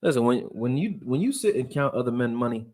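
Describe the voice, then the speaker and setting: A man from Texas, raised in Philadelphia, breaking down football film and reading chat on a live stream in a loose, profane, animated way. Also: mid-range voice, fast, dry recording. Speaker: sports commentary streamer.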